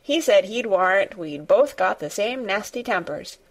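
A woman's voice: mid-range voice, expressive, normal speed. A woman reading the part of a blunt, sour-tempered young girl in a storybook, talking frankly and snapping when crossed.

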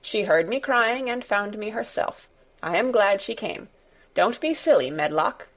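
A woman reading the part of a sickly, demanding young boy in a storybook, a little higher than her narrating voice. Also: lively intonation, measured pace. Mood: imperious. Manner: demanding, petulant.

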